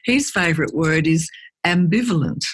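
A woman, a guest speaker chatting in an interview and telling lively stories, acting out the voices of people she quotes. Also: low-pitched, normal speed, slightly rough. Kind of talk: conversational interview.

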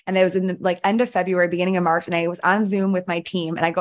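A woman guest on a mentoring podcast, telling her story with animated emphasis and frequent "like"s. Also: fairly low pitch, racing. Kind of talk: energetic storytelling in conversation.

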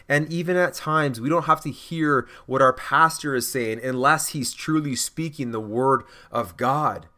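A man hosting a faith podcast, speaking earnestly and urging listeners he calls gentlemen. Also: mid-range voice. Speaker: podcast host. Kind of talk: exhorting faith podcast monologue.

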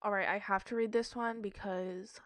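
A woman's voice: medium pitch, fairly even intonation, normal speed, a bit bright, dry recording. A woman giving casual, blunt reaction commentary on advice-forum stories, emphatic and profane.

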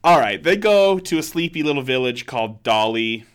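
A man's voice: medium pitch, lively intonation, moderate pace. A man co-hosting a podcast in casual chat, explaining and recapping in a wry way. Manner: wry, explanatory, with many "like" fillers. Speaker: podcast co-host.

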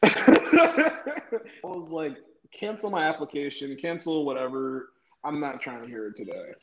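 A man's voice: on the high side, big pitch swings, unhurried. A young man from North Carolina telling a story in casual chat, laughing and acting out what others said. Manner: laid-back, laughing, acts out quoted voices. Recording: echoey room, dull lo-fi sound.

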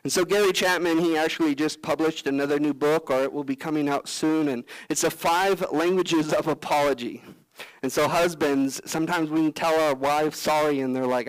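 Man, pastor, earnest sermon, acts out quoted prayers, fairly high voice. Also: steady tone, normal speed, poor audio. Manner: earnest preaching, acting out quoted prayers and Bible figures.

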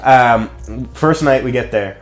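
A man's voice: mid-range voice, takes it slowly, faint music behind. A young man telling a long, rambling story in casual chat, full of fillers and acted-out quotes. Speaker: storyteller guest.

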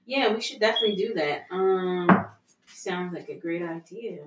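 A woman in her thirties co-hosting a casual podcast chat, emotional and quick to laugh. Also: on the low side, reverberant, very noisy. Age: 30s. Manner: emotional, laughing, rising when moved. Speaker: podcast co-host.

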